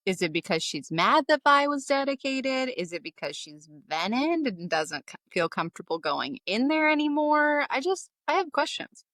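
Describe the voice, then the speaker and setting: A woman's voice: sits high, big pitch swings, moderate pace, few pauses, a bit bright, dry recording. A woman co-hosting a casual book-club podcast, teasing and enthusiastic. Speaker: podcast co-host.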